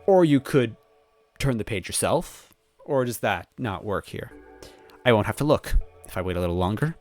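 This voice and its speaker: A man hosting a let's play, reading the game's text aloud and answering it with jokes and quick laughs. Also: fairly low pitch, faint music behind. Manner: animated, joking, quick laughs.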